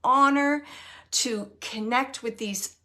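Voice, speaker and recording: A middle-aged woman working as a medium, relaying spirit messages in a live online reading and softly repeating the phrases she hears. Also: fairly high pitch, slow pace.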